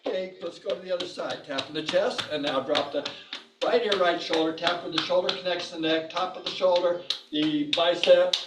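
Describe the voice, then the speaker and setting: A man's voice: high-pitched, a little fast, recorded from a distance, noisy background. A male fitness instructor guiding a class through tapping, stretching and laughter exercises, with upbeat, coaxing cues and chanted laughs. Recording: echoey room, voice off-mic, faint music.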